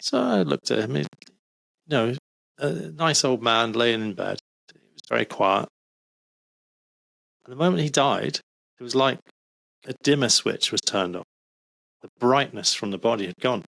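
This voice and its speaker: A man speaking as a podcast guest, talking earnestly in casual conversation and often trailing off softly. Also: mid-range voice, animated, moderate pace, gravelly, long pauses, no echo. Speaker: doctor.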